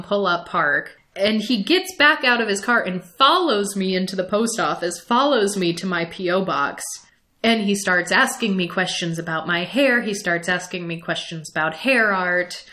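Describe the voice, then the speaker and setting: Woman, bright voice, animated storytime vlog, laughs often, middle pitch. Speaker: vlogger.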